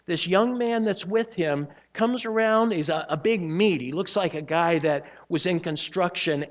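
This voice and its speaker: Storytelling pastor, slightly muffled. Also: male voice, on the high side. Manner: storytelling, shifting from animated to hushed and earnest. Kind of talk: sermon with personal story.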